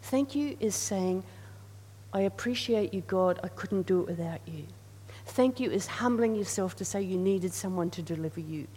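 A woman's voice: medium pitch, lively intonation, moderate pace, dark tone. Woman preacher, earnest sermon delivery, hall reverb with a faint hum. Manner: earnest, repeats phrases, leads the congregation in responses.

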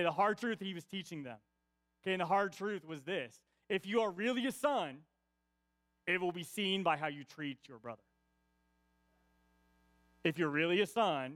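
A man's voice: sits high, moderate pace, pauses often, fairly bright tone, no echo. A man preaching a conversational sermon, often checking in with his listeners with "right?" and repeating key lines for emphasis. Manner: peppers points with "right?" tag questions. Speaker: pastor.

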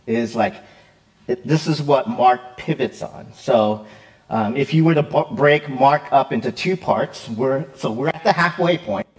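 A male pastor preaching a conversational sermon, lively and quick, with fillers and frequent "right?" check-ins. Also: medium pitch. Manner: quick, with fillers and self-corrections.

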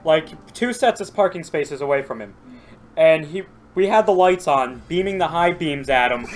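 A man's voice: fairly high pitch, expressive, moderate pace, slight background noise. A man telling joking stories and teasing his friends on a casual podcast. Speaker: podcast guest. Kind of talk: casual storytelling chat.

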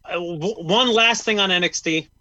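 Blunt man ranting, bright dry voice. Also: high-pitched, moderate pace, dry recording, dull audio. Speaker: podcast co-host. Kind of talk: casual chat.

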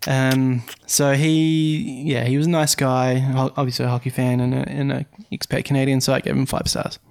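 A man co-hosting a podcast, telling a story in an animated, self-deprecating way. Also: mid-range voice, normal speed, creaky. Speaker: podcast co-host. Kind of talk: casual storytelling.

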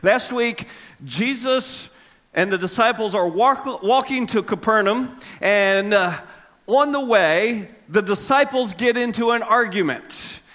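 Bright-voiced middle-aged male pastor preaching. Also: slow pace. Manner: conversational, humorous, acts out quotes with lively pitch swings. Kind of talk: sermon.

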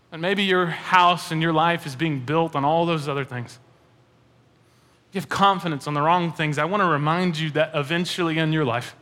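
A man in his thirties, a pastor giving an emphatic sermon that sometimes swings up high and at other times falls to a hushed prayer, in a church sanctuary. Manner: emphatic, rising to animated peaks then dropping to a hushed prayer. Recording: long church hall reverb.

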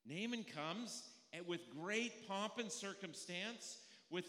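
A man preaching in an easy, storytelling way, asking his congregation questions as he goes. His voice sits high and rings bright. The sound carries a long, echoing church reverb. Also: animated, slow pace. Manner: conversational storytelling, rhetorical questions. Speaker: pastor. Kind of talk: sermon. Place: church sanctuary. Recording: echoey hall with long reverb.

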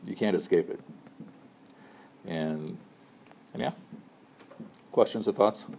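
A man's voice: deep voice, slow, creaky, darkish tone, a little hiss or hum. A middle-aged man, a Muslim chaplain, giving students casual, conversational advice and often checking in with "right?" and "okay?". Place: room with a student group.

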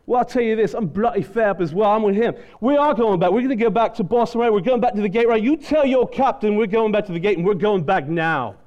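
A preacher voicing a fed-up male first-class passenger with a British accent, speaking bluntly and forcefully. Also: high voice, fast, hardly any pauses, lo-fi sound, lightly acted. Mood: defiant.

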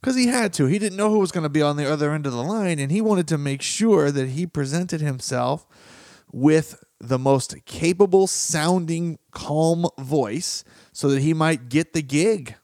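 A man's voice: a little high, unhurried, darkish tone, no room sound, studio quality. Man telling stories on a solo podcast. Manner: conversational storytelling, acts out quoted voices. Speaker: relationship coach and podcast host.

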